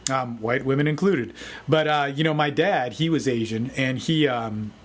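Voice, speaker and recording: A man giving a casual, energetic motivational talk as a dating coach, often saying "man". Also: medium pitch, normal speed. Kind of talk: casual video talk answering a forum question.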